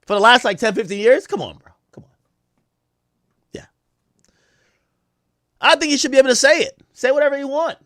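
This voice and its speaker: A man streaming a casual reaction, excitable and profane, full of slang. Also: very high-pitched, moderate pace, long pauses, no room sound, clean studio sound.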